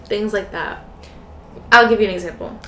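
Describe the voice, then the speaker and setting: A woman's voice: mid-range voice, moderate pace. Young woman, podcast co-host, chatty, playful, echoey room. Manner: chatty, lots of "like" and playful teasing. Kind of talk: casual chat. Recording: echoey room with faint noise.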